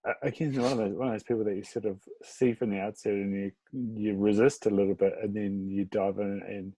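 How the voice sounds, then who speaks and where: A man hosting a podcast, asking relaxed, rambling questions in a casual interview. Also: on the low side, fairly quick, husky, no room sound. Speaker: podcast host.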